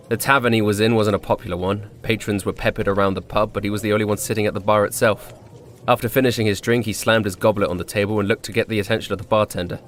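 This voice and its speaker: A man's voice: on the low side, a bit bright, a little hiss or hum. A man narrating a scripted story epilogue for a tabletop campaign, with wry, dry humor and wordplay.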